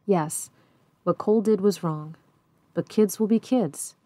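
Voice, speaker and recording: A woman's voice: mid-range voice, measured pace, dark tone, no echo, lightly acted. A woman voicing a casual, dismissive male defense lawyer in a storybook reading.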